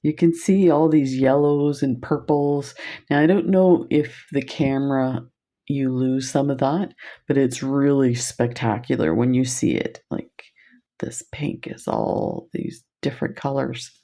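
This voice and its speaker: A woman hosting a beading video, gushing and excited as she shows off new beads, laughing often. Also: rumbling low, unhurried. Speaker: beading channel host. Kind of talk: casual product showcase vlog.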